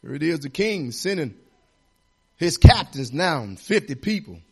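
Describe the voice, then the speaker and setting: High-pitched, lively preaching man. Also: a little slow, creaky, slightly rough. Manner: folksy, repetitive exhortation with swelling emphasis. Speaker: pastor. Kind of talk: preaching a sermon.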